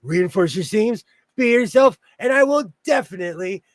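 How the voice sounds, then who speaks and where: A man's voice: high voice, lively intonation, normal speed, no echo. A man hosting a casual sewing livestream, chatty and rambling, laughing often. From Los Angeles area. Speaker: host.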